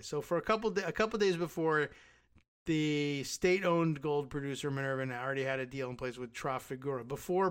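A man's voice: a little high, a bit bright. A man reading a news article aloud and breaking off into casual, sardonic commentary full of asides and fillers.

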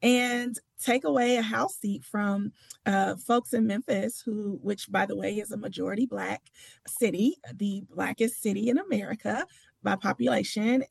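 A woman's voice: mid-range voice, vocal fry, slightly rough, no room sound. A woman who serves as a state senator, talking with passion and emphasis, often restarting her sentences. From Tennessee. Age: adult with children. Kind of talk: political interview talk.

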